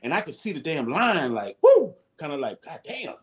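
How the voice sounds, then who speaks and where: A man, telling casual stories as a guest, animated and salty-tongued. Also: a little high, normal speed. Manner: animated, swears casually, acts out voices. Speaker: guest, former football player. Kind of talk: casual storytelling.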